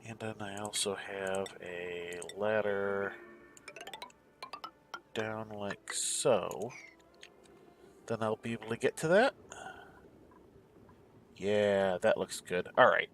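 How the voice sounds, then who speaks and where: A man's voice: lowish voice, unhurried, over music. A man giving casual, mumbling let's-play commentary, musing aloud to himself as he searches around a game map. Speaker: gameplay commentator.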